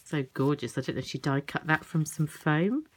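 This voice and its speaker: A woman's voice: sits low, normal speed, a little hiss or hum, low-quality recording. A woman craft vlogger chatting casually while unboxing parcels at home at night, rambling with little asides. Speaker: works in a school with children.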